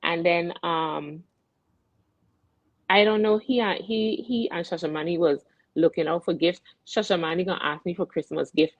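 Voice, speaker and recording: A woman's voice: lowish voice, normal speed, dry recording, muffled recording. A middle-aged woman from the Virgin Islands with a Virgin Islands accent, hosting a radio show in casual chat and acting out exasperated reactions as she tells stories.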